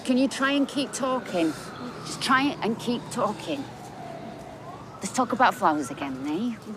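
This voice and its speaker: A woman's voice: fairly high pitch, sing-song, unhurried. A frantic young woman. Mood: soothing. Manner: urgent, reassuring, voice breaking. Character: panicked young woman tending a stabbed boy. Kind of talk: TV soap drama. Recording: noisy outdoor TV drama audio.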